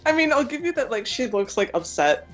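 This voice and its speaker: A woman's voice: a little high, sing-song, fairly quick. A woman taking part as a player in a tabletop role-play, with a blunt, sardonic manner. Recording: muffled lo-fi audio with faint music.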